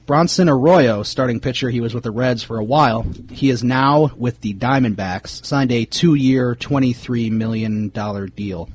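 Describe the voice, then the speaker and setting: A man's voice: medium pitch, moderate pace, few pauses, a little hiss or hum. A man co-hosting a sports podcast, chatting casually with many fillers as he runs through player news. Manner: relaxed, many fillers, reads off player signings. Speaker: podcast co-host.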